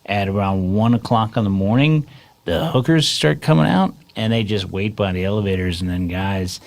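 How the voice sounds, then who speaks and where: Rambling male comedian, lower voice. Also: animated, moderate pace, creaky. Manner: rambling anecdotal delivery. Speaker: stand-up comedian guest. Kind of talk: casual comedic storytelling.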